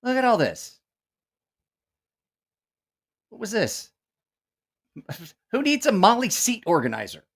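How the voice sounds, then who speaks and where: A man's voice: high voice, wildly swooping pitch, a little slow, gravelly, fairly bright tone, breathy edge. Profane, incredulous man hosting a live stream. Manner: incredulous, profane, mocking rants with laughter. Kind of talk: casual live-stream commentary.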